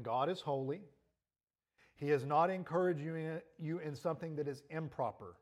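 A man's voice: on the high side, darkish tone. A male pastor preaching a sermon earnestly, his voice rising and falling in intensity, with a troubled throat.

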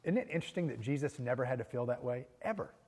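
A man's voice: medium pitch, expressive, quick pace, a little mellow. Preaching man in a reverberant hall. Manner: earnest preaching, rising and falling in force, repeating key lines. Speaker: pastor. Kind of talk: sermon.

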